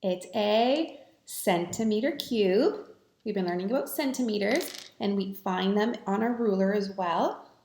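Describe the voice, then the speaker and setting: A woman teaching a recorded math lesson to students, talking in a slow, patient, encouraging way. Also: medium pitch, a little mellow, a little hiss or hum. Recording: echoey room.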